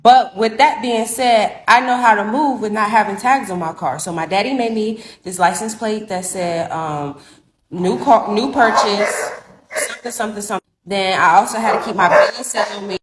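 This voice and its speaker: A woman's voice: mid-range voice, moderate pace, roomy sound, noisy background. A woman telling a story to camera in a casual, slangy, confident way. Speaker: content creator.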